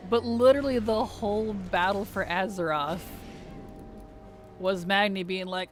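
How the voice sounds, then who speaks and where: A woman streaming a game, chatting casually with viewers, chatty and giggly with animated rants. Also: medium pitch, moderate pace, soft background music. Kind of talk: casual gameplay chat with viewers.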